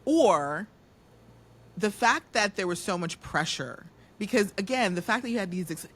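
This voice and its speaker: A woman's voice: medium pitch, animated, normal speed, a bit bright. Woman guest, mid voice, chatty, keeps restarting sentences. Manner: talkative, self-interrupting with restarts. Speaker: podcast guest. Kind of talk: casual pop-culture chat.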